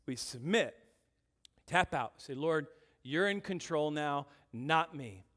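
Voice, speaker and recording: A man in his thirties, a pastor preaching a sermon and telling family stories with animated, swinging delivery. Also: fairly high pitch, slow. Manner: animated storytelling, swings from loud bursts to quiet intensity. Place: church.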